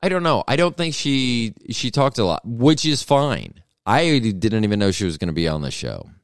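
A middle-aged man with a deep voice hosts a podcast, telling a rambling comedic story that keeps cutting itself off and wandering. The recording is dry and studio quality.

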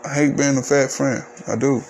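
A man's voice: mid-range voice, steady tone, normal speed, creaky, a little mellow, slight background noise. Candid, ranting male podcast host. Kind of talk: casual solo podcast monologue.

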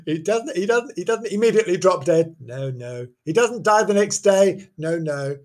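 A man's voice: sits high, animated, a little slow. A man telling a local ghost legend in a chatty, playful way, full of theatrical asides and exclamations. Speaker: folklore storyteller. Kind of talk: casual folklore storytelling.

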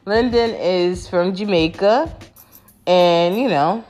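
Faint music plays behind this vlogger, whose low, darkish voice moves at an unhurried pace. Recapping a reality show, she talks loosely to her viewers, calling them y'all and filling the ramble with false starts and filler words.

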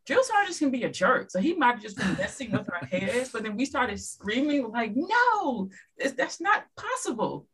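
A woman's voice: on the high side, a little fast, few pauses, breathy edge, rough recording. A woman guest in a casual podcast chat, telling stories and acting out dialogue. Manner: lively storyteller who acts out dialogue.

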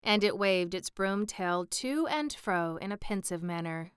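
A woman narrating a storybook aloud in an even, clear storytelling manner. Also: medium pitch, a little slow, no echo, studio quality. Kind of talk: audiobook reading.

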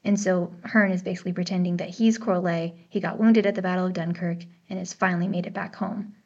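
A woman's voice: fairly low pitch, steady tone, brisk, a little mellow. An American woman co-hosting a book podcast, in a casual, chatty discussion, laughing often and unsure over pronunciations. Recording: dull lo-fi podcast mic.

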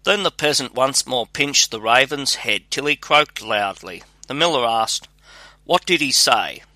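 A man narrating a fairy tale in a measured, even read-aloud manner. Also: mid-range voice, no room sound. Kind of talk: storybook narration.

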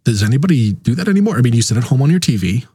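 A man's voice: medium pitch, very animated, rapid-fire, warm tone, breathy edge, no room sound. A man talking casually about politics, acting out quoted people with big jumps in his voice.

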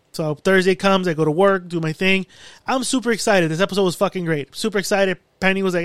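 A podcast host with a high-pitched voice talks at a quick clip on a studio mic, and the recording is dry. He tells a long, casual story in an animated way, swearing often and acting out what he and other people said, including his own lines.

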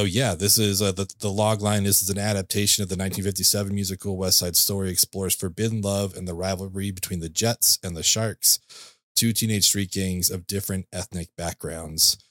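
A man's voice: low-pitched, no echo, studio quality. A man hosting a casual movie podcast, enthusiastic and loose, laughing often and full of fillers. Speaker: podcast host.

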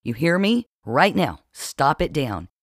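Man playing a bossy, sarcastic middle-aged woman for an audiobook, forceful, dry recording. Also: a little high, very animated, slow, no room sound, pitched above the performer's own voice, exaggerated voice. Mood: scolding. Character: blunt, scolding middle-aged woman friend. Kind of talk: audiobook character voice.

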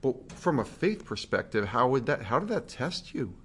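Interviewer recapping and asking questions. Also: male voice, medium pitch, very animated, normal speed, fairly bright tone, husky. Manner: recaps the guest's story, then asks a question. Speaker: host, interviewer.

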